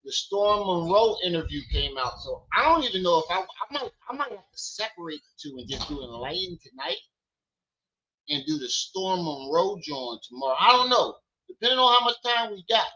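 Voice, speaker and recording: A man hosting a casual live stream from home, teasing his kids loudly and then chatting with viewers. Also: sits high, fairly quick, highs cut off. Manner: loud playful teasing with his kids, then relaxed talk. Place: at home with children.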